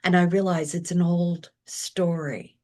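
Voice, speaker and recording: A middle-aged woman speaks as a guest in a relaxed conversation. Her voice sits on the lower side, and she talks reflectively, slipping into little quoted bits of her own inner voice. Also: unhurried. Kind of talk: casual interview talk.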